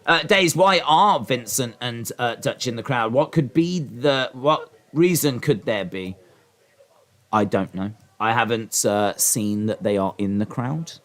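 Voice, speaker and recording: A man's voice: mid-range voice, a little slow, a bit bright. Chatty man hosting a live stream. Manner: rambling, chatty asides to chat readers. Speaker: livestream host. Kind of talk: live wrestling watch-along commentary.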